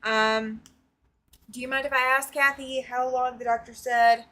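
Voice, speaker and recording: A woman's voice: a little high, steady tone, a little slow, a bit bright. Chatty Southern woman hosting a live. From Southern United States. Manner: chatty, laughs often, talks straight to viewers. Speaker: quilting livestream host. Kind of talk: casual live-stream chat, reading viewer comments.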